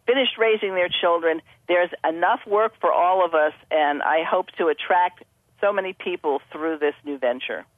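A woman's voice: on the low side, no echo. A woman speaks earnestly over a phone line as a radio guest, with a few restarts. The line sounds tinny and dry, with no room at all. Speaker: call-in guest. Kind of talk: phone interview.

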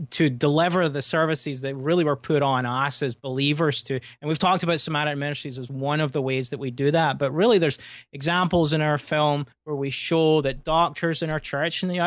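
A man's voice: fairly high pitch, a bit bright, no room sound. A man with a Scottish accent, a guest filmmaker, talking in an emphatic, preachy way in a casual discussion.

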